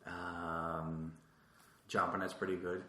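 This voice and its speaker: A young man, hosting a podcast with quick, eager, joking chat. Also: low-pitched, little pitch movement, sharp tone. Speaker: podcast host, comedian. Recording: echoey room.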